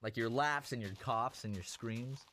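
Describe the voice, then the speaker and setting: A man chatting casually as a co-host, rambling with fillers and quick restarts. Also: medium pitch, pushed and bright, slight background noise. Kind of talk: casual chat.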